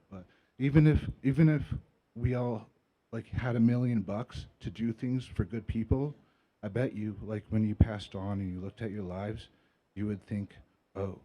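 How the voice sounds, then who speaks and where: A man speaking on a panel, halting and full of fillers and restarts. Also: fairly low pitch, mellow. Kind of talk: casual spoken remarks.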